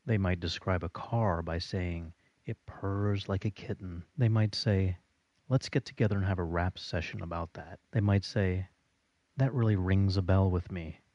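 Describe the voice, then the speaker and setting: A man giving a recorded audio lesson in a slow, steady instructional delivery. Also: deep voice, no echo, lo-fi sound.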